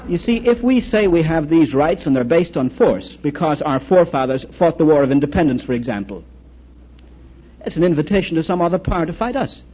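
A man's voice: on the high side, expressive, fairly quick, mellow, breathy edge. A man who served as a military chaplain, giving an earnest lecture full of anecdotes and rhetorical questions, on a dull lo-fi recording. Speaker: speaker, former military chaplain.

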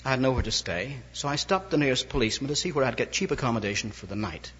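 A man's voice: mid-range voice, quick pace, husky. An older man from Ireland, an evangelist telling a wry, anecdotal story in a sermon. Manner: wry, anecdotal, lively inflection. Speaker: evangelist preacher. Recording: dull lo-fi recording, long hall reverb.

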